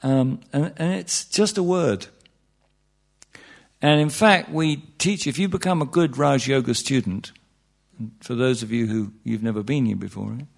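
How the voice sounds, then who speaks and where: A man with a medium-pitched voice and vocal fry speaks unhurriedly while teaching meditation to a room of listeners. His informal talk is chatty and wry, with restarted sentences and questions put to the audience.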